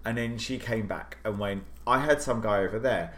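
A British man co-hosting a podcast, chatting casually and telling a story with lively acted quotes. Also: moderate pace. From Britain. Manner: animated storytelling, jumps high on acted quotes. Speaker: podcast co-host. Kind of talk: casual chat.

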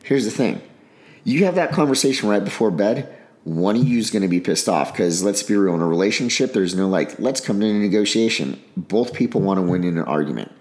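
A man's voice: sits low, lively intonation, a little fast, darkish tone, roomy sound. A man speaking in a casual interview, blunt and frank, swearing and acting out bits of dialogue. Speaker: podcast guest, army special operations veteran.

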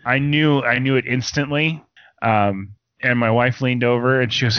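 A young man in casual chat as a podcast co-host, excitedly retelling scenes and swearing. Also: mid-range voice, brisk, dry recording. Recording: dull lo-fi sound.

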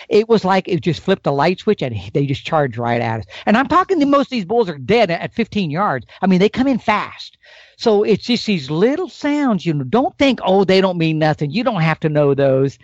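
A man's voice: high-pitched, very animated, normal speed, dry recording, muffled recording. A man on a podcast, an elk calling expert, telling hunting stories with energy and showing calls with his mouth. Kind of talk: animated podcast storytelling.

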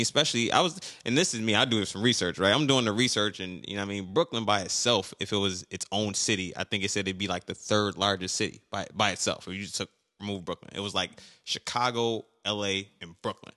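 Bright-voiced man hosting a podcast. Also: on the low side, fast talker. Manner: earnest, repeats "you know what I mean". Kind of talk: casual podcast chat.

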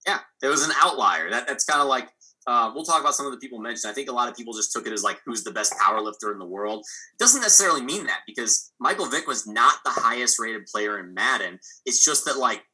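A man's voice: mid-range voice, animated, fast, bright, forceful tone, breathy edge, low-quality recording. A man co-hosting a podcast, jumping in emphatically during casual chat. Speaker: podcast co-host.

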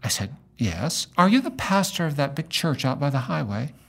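A middle-aged man, a pastor, talking in a relaxed conversation and telling a story, acting out the lines of the people in it. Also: mid-range voice, normal speed, vocal fry. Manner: animated storyteller acting out dialogue. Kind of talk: conversational storytelling in a podcast interview.

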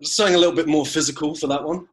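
Male co-host, slightly high voice, dry and wry, casual banter and comic verse. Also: steady tone, very fast. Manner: dry, reads comic poems aloud. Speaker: podcast co-host. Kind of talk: casual chat.

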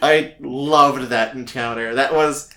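A man's voice: medium pitch, lively intonation, moderate pace, fairly bright tone. A man co-hosting a podcast in casual chat, laughing often, swearing freely and telling stories with energy. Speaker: podcast co-host.

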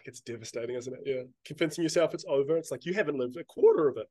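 A man's voice: fairly high pitch, racing, warm tone, no echo, studio quality. A man who is a guest on a podcast, talking in a casual, teasing and emphatic way, swearing freely.

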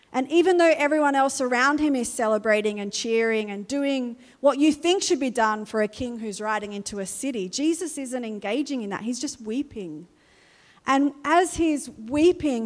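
A woman giving a chatty, earnest reflection on scripture with many fillers. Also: a little high. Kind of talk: informal devotional talk. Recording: long hall reverb.

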